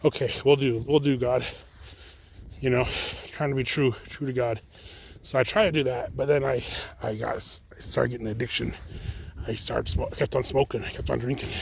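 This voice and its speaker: A man's voice: medium pitch, fairly even intonation, brisk, gravelly, a little hiss or hum. A young man talking casually to viewers in a vlog, telling a personal faith story in a rambling, self-correcting way and calling them guys. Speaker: channel host. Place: outdoors, picking up mail.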